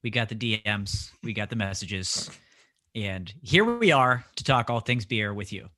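A man co-hosting a casual podcast chat, relaxed and teasing. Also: fairly low pitch, measured pace, slight background noise. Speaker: podcast co-host.

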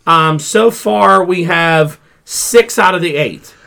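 A man's voice: high voice, slow, gravelly. A man co-hosting a casual wrestling podcast, telling stories and acting out what others said. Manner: animated storyteller, acts out quotes. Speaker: podcast co-host.

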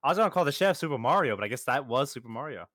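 A man's voice: medium pitch, expressive, rapid-fire, fairly bright tone, no room sound, clean studio sound. A young man co-hosting a podcast, joking and laughing in casual chat while watching a cartoon. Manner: joking, laughing often, slangy. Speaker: podcast co-host.

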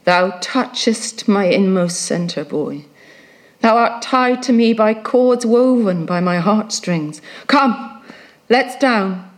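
A woman's voice: medium pitch, expressive, slow pace. A woman reading an audiobook, voicing a brooding, fierce old sea captain in a declamatory, commanding way.

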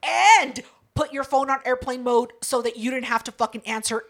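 A young woman co-hosting a casual podcast, her voice sitting a little high. She retells a fight with blunt, profane, dramatic energy. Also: normal speed. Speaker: podcast co-host. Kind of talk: casual chat.

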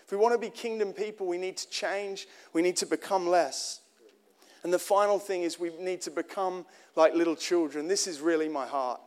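A man's voice: high voice, normal speed, clear, resonant tone. A man preaching a sermon in an earnest, conversational way, often restarting phrases and asking the congregation direct questions.

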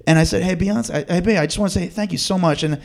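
A man talks fast and a little high as a podcast guest. His storytelling is casual and animated, and he slips into the voices of the people he describes. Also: creaky. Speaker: podcast guest, TV news producer.

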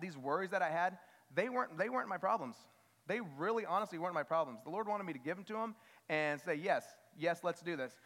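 A fairly high-voiced man in his thirties preaches in a church, with a long reverb trailing his words. He tells stories about himself with humor, then pushes up into loud, emphatic bursts. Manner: self-deprecating storytelling, rises to loud emphatic peaks. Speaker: children's pastor. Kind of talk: sermon. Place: church sanctuary.

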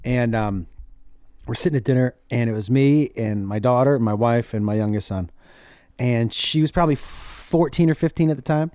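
A man's voice: medium pitch, normal speed, no echo, clean studio sound. A middle-aged man, a comedian guesting on a podcast, telling family stories in a casual chat and acting out every line of quoted dialogue. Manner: animated storyteller who acts out quoted dialogue.

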